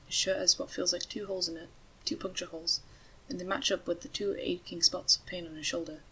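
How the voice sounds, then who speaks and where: A woman narrating a story in a steady, measured way. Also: on the low side, a little hiss or hum, rough recording.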